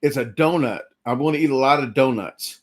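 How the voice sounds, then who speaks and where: A man with a mid-range voice talks briskly in a casual live-stream chat following an eating challenge. He's full and sluggish from the meal, rambling and chatty as he greets viewers by name.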